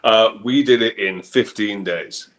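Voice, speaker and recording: A middle-aged man, a film director, talking in a relaxed, thoughtful way as an interview guest. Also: fairly low pitch, measured pace. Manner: relaxed, thoughtful, many ums and you-knows. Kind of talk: casual interview chat.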